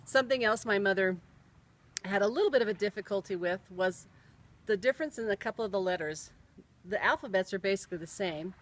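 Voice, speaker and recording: Middle-aged woman telling a story about her family, pitch right in the middle, sounds words out slowly and carefully. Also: rough recording. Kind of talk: personal storytelling.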